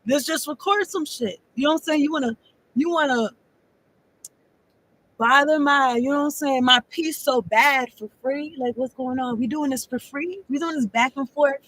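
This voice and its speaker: A woman's voice: high voice, normal speed, a bit bright, poor audio. A woman giving a casual tarot reading, rambling and profane, laughing often as she talks. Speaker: tarot card reader.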